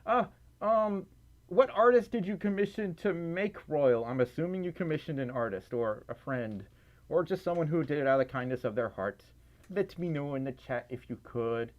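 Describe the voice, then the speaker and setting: A man's voice: fairly high pitch, expressive, moderate pace, highs cut off. A man chatting casually on a livestream, rambling and self-deprecating with lots of fillers and laughs, tired and a little scratchy. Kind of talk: casual live stream chat.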